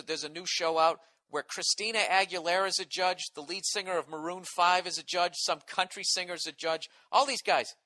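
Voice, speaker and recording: A man rants into a close mic in a dry room. His voice sits fairly high, and it has a bright, forceful edge. He is indignant and sarcastic, swearing constantly as he talks to his podcast listeners. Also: no room sound. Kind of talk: profane ranting monologue.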